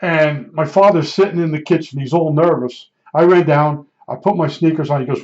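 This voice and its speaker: A man's voice: a little high, moderate pace, hardly any pauses. A man in his seventies rambling through casual personal stories, full of asides and digressions, as a vlogger. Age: 70s. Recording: dull lo-fi recording.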